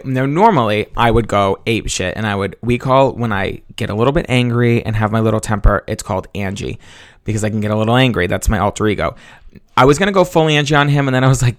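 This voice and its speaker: A man's voice: mid-range voice, quick pace, no echo, studio quality. A young man from Massachusetts hosting a solo podcast, telling a story in a gossipy, profane way and laughing as he goes. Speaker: podcast host.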